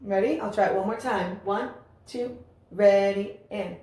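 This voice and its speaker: Speaking a little slowly at a medium pitch, a woman explains rhythms in a music lesson and chants rhythm syllables, offering encouragement. Her voice echoes heavily in the room, over faint background noise.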